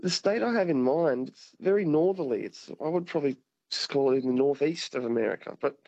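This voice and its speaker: A man calling in to a radio quiz, politely thinking his answers through out loud. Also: fairly high pitch, expressive, brisk. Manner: polite, musing aloud. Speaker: caller. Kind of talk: phone-in conversation. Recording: muffled phone-in line.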